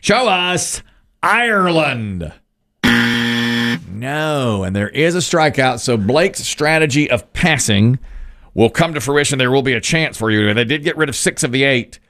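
A man's voice: mid-range voice, lively intonation, moderate pace, fairly bright tone. A man hosting a survey game show, upbeat and joking as he reads answers and questions.

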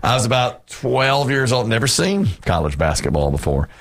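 Lively storytelling male radio host. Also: mid-range voice, moderate pace. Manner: animated storyteller. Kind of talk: casual chat.

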